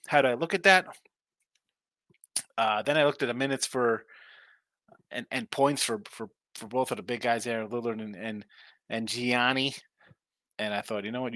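A man's voice: mid-range voice, pushed and bright, no echo. A man hosting a casual live stream about sports betting picks. He talks in a loose, rambling way, reads chat aloud, and sounds tired. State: tired, yawning.

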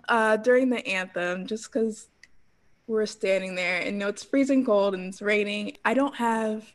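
Lively woman telling her story. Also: medium pitch, a little slow, pauses often. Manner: animated, laughs often, acts out quotes. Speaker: interview guest, former pro cheerleader. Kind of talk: casual storytelling interview.

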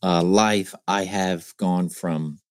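A male podcast co-host in casual chat, thoughtful and halting, restarting his sentences often. His voice is very low and sounds close and dry. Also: steady tone, no echo. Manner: hesitant, many restarts, thoughtful.

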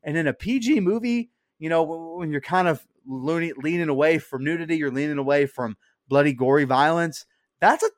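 A man co-hosting a podcast, reviewing a horror movie in casual chat, animated and swearing often. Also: a little high, fairly quick, no echo, studio quality. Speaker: podcast co-host.

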